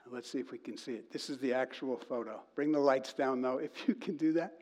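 A man preaching to a congregation, telling a story in an animated way and reading quoted lines in a slow sing-song. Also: mid-range voice. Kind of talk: sermon.

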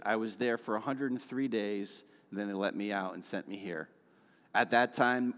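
Earnest male preacher in a reverberant hall. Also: lowish voice. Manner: earnest, emotional storytelling. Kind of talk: sermon testimony.

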